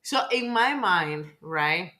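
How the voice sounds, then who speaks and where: A woman's voice: fairly low pitch, expressive, slow, bright, forceful tone. A woman co-hosting a podcast in a candid casual chat, hiccuping and apologizing, laughing at herself. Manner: self-conscious, apologetic, laughing. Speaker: podcast co-host.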